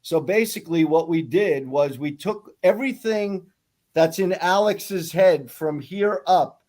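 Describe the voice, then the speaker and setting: A man, a fly fishing guide and author, chatting casually on a podcast in an animated, self-mocking way. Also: fairly high pitch, unhurried.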